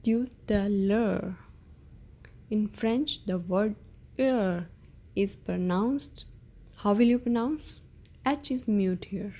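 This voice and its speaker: Slow, mellow-voiced woman teaching. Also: mid-range voice. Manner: patient, repeats words and asks "okay?". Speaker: French teacher. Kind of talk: slow beginner language lesson.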